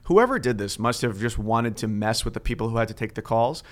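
A man tells long, lively anecdotes in an easy, conversational way, slipping into voices when he quotes people. He sounds like a sports broadcaster in his thirties, chatting with colleagues. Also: medium pitch, a little fast. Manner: animated storyteller, acts out quotes. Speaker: guest sportscaster. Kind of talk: casual storytelling chat.

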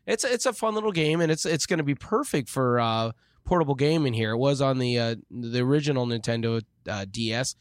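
A man co-hosting a chatty podcast, talking in an easygoing, meandering way. His pitch is middling. The recording is dry and close. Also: fairly quick, dry recording. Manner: relaxed, rambling, with many fillers. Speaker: podcast co-host. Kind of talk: casual chat.

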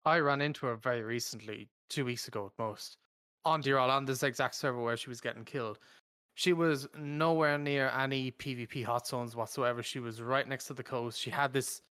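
Crisp, bright man, dry close sound. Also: mid-range voice, fairly even intonation, a little fast, dry recording. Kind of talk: casual podcast chat.

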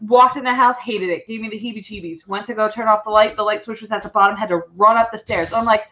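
A woman's voice: medium pitch, fast talker, bright, forceful tone, a little hiss or hum. A woman co-hosting a podcast, chatting casually in a rambling way. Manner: chatty, rambling, full of fillers. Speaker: podcast co-host. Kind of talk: casual chat. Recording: dull lo-fi sound.

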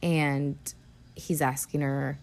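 A woman in casual podcast talk, recapping a film with loose, swearing chatter. Her voice sits on the low side for a woman, and she slips into little put-on quotes of the characters as she goes. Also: little pitch movement, slow, a little mellow. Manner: chatty and profane, acting out quotes. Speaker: podcast host.

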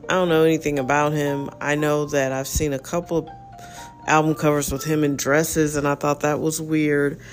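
A man's voice: on the high side, level tone, normal speed, faint music behind. A man hosting a casual solo podcast, talking in a rambling, frank way full of fillers. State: yawning, relaxed. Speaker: podcast host.

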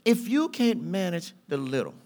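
A man's voice: sits high, big pitch swings, moderate pace, darkish tone. A middle-aged male pastor, preaching a sermon with rising fervor and a loose, rhythmic, colloquial delivery. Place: church sanctuary.

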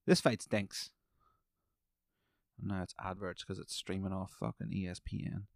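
A man hosting a solo podcast, swearing freely and rambling excitedly while commentating a fight live. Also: deep voice, a little slow, gravelly, no room sound, clean studio sound. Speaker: podcast host.

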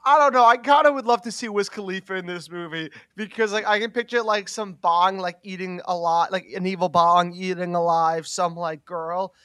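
A man's voice: high voice, moderate pace, few pauses, a bit bright, clean tone, dry recording, studio quality. A young man hosting a casual chat, rambling with lots of "like" and frequent laughs. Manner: rambling, heavy use of "like", laughs often.

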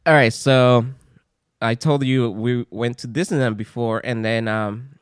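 Animated man telling a story. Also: mid-range voice, unhurried, clean tone, no echo, clean studio sound. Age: adult parent. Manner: animated rambling storyteller, swears casually. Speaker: podcast co-host. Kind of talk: casual chat.

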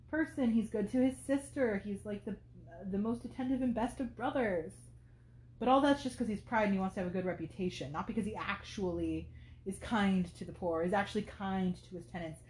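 A woman giving casual book commentary, talking loosely and thinking aloud with plenty of filler words. Her voice sits at an ordinary middle pitch. The recording has a noticeable roomy echo. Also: darkish tone. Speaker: podcast host.

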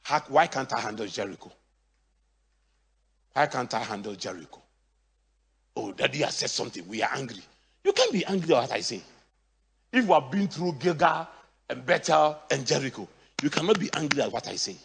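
A male pastor preaching a sermon, swinging from quiet asides to shouted, high-pitched exclamations. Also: big pitch swings, fairly quick, creaky, long pauses, husky. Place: church. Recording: church hall reverb.

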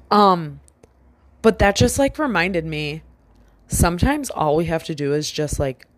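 A woman with a low voice tells a personal story in a loose, chatty monologue. She keeps adding "like" and acts out what she and others said. The sound is dry and close, with no room around it. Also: dry recording. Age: adult with a child. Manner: chatty and self-reflective, many "like" fillers, quoting herself and others. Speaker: vlogger telling a personal story.

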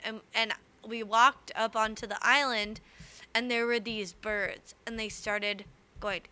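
A woman co-hosting a casual podcast chat, telling an anecdote in an animated way. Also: a little high, unhurried. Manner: animated storyteller. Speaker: podcast co-host.

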